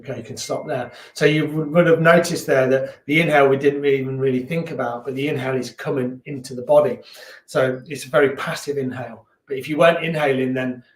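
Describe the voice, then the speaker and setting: A man teaching a beginner yoga class in a relaxed, chatty, encouraging way that sometimes laughs at himself. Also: mid-range voice, quick pace. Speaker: yoga instructor. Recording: echoey room, voice from a distance.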